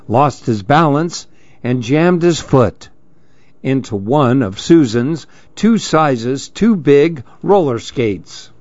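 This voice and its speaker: A man hosting a program, reading a children's story aloud in a gentle, measured way. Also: medium pitch, dry recording, dull audio.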